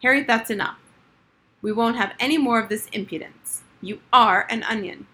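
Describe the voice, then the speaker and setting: Woman narrator as a sharp, firm female teacher, storybook reading. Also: on the high side, normal speed, pitched above the performer's own voice. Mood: stern. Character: brisk, sharp woman schoolteacher.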